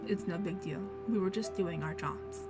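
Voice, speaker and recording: A weary, deadpan male falcon lawyer from a story game, as a woman puts him on. His voice is dropped low and dry. Game music plays underneath. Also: normal speed, natural voice.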